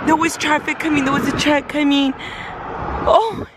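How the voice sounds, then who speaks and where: High-voiced excitable woman in a car. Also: moderate pace. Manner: excitable, swearing, breathless exclamations. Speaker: vlogger. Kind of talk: casual vlog chat. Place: inside a moving car. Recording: car noise behind the voice. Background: road and car noise.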